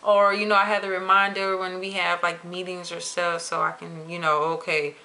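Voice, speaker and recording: A young adult woman vlogging to camera in a chatty, expressive way, stretching words for emphasis. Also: on the low side, moderate pace. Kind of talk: casual chat to camera.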